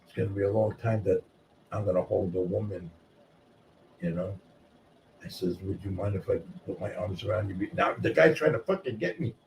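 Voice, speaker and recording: A man telling stories casually, profane and animated, moving between shouting and murmuring. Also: on the low side, moderate pace, creaky. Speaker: guest storyteller. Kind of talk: casual storytelling. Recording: distant mic with faint noise.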